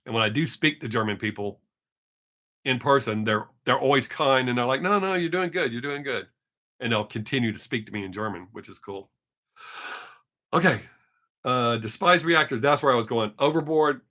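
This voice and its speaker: A man hosting music reaction videos chats loosely with his audience. His voice is bright and forward. He speaks his mind plainly and bluntly. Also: medium pitch, normal speed. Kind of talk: casual chat to camera.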